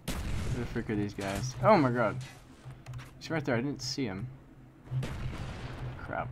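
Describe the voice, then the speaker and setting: A young man commentates his own shooter match live, muttering low and then shouting whenever enemies camp or catch him off guard. His voice sits in a plain middle register, and the game's gunfire and explosions run loudly underneath it. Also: unhurried, noisy background. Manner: excitable, frustrated outbursts and yelling at campers. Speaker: gameplay commentator. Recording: game gunfire behind voice. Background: loud shooter game sounds, gunfire.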